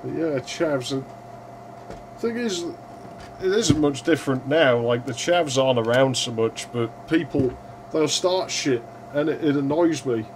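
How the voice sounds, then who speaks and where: A man casually commenting while streaming a retro game, swearing freely and yelling at the screen now and then. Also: mid-range voice, expressive, unhurried, a little hiss or hum.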